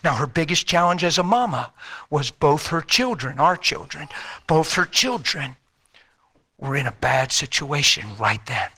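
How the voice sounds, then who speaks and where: A man telling an emotional personal faith story in an animated way, repeating words and acting out what people said. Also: a little high, a little slow, breathy edge. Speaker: speaker sharing a personal faith testimony.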